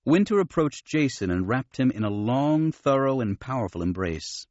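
A man narrating an audiobook with steady, expressive storytelling. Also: mid-range voice, moderate pace, dry recording. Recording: dull, dry studio recording.

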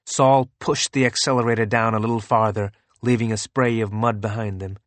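Brief: male audiobook narrator, steady and even, lowish pitch, dry studio read. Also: normal speed, no room sound.

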